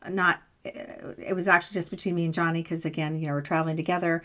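A woman's voice: lowish voice, little pitch movement, quick pace, fairly bright tone. A woman in casual conversation, candid and laughing often, swearing freely as she talks through a personal story. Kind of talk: casual chat.

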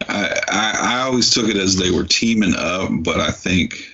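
A man co-hosting a podcast, chatting casually about a film in a gravelly, husky voice. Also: sits low, normal speed, sharp tone, dull audio. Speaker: podcast co-host. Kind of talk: casual movie discussion.

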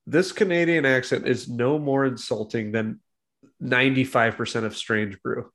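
A man's voice: mid-range voice, moderate pace, fairly bright tone. A man co-hosting a casual film-review chat, sardonic and teasing, trading mock insults while defending the movie. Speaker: podcast co-host reviewing a film.

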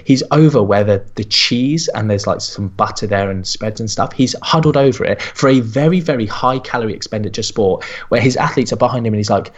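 A sports nutritionist in casual podcast chat, telling stories in an animated way and acting out the people he quotes. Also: medium pitch, fairly quick, lo-fi sound. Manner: animated storytelling with quoted voices.

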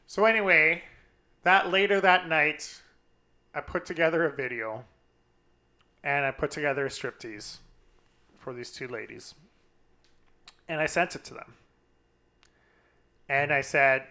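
A young man co-hosting a casual talk show, spinning a story with animated, profane energy. His voice sits a little high and rings bright and forceful. He acts out what others said to him. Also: a little slow, pauses often. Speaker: podcast co-host.

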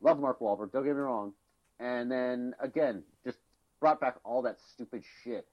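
A man's voice: medium pitch, normal speed. A man co-hosting a podcast, rambling through casual chat with fillers, restarts and swearing. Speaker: podcast co-host. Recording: slightly dull lo-fi sound.

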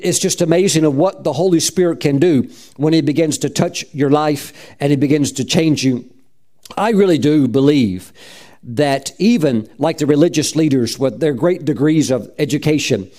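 A man with a fairly high, mellow voice preaches a testimony sermon, telling his own story in a rambling, conversational way with frequent restarts.

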